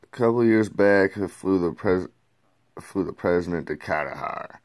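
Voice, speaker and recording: A man's voice: low voice, moderate pace. A man reviewing a movie in a casual, crude play-by-play recap. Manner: loose, crude, retells scenes in a play-by-play.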